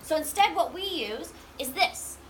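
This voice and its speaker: A woman's voice: sits high, lively intonation, a little slow, slight background noise. A woman leading a guided tour on a cheese farm, chatty and quizzing her group with questions. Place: working cheese farm dairy.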